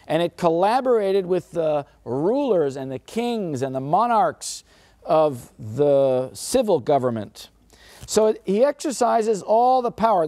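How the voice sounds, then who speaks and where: A middle-aged man giving a Bible study lecture, asking rhetorical questions and slowing down to stress key words. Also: on the high side, warm tone, no room sound. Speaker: Bible teacher.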